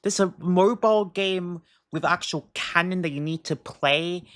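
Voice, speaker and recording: A reaction streamer who talks casually, asking rambling, confused questions and swearing often. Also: male voice, high-pitched, unhurried, fairly bright tone.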